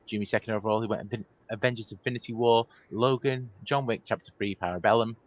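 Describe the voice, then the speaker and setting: Male co-host, lowish voice, brisk list reader. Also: fairly even intonation, rough recording. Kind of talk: reading a recap.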